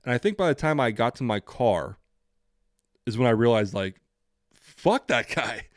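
A man's voice: mid-range voice, expressive, moderate pace, dry recording, studio quality. A young man telling a story on a podcast, swearing freely and acting out both sides of the conversation. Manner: profane, ranting, acts out both sides of dialogue. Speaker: podcast co-host. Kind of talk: casual storytelling chat.

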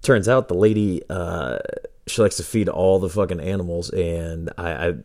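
Deep-voiced, profane podcast guy. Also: moderate pace, a little mellow. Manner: loose, profane, laughing storyteller. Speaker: podcast host. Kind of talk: casual solo podcast storytelling. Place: home with a dog nearby.

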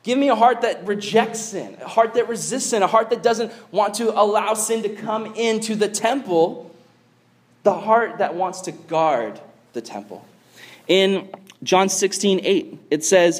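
Male youth pastor, high voice, animated and chatty, throws in "like" a lot. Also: a little slow, rough recording. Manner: animated, acts out quoted voices; conversational with fillers like "like". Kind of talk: youth sermon.

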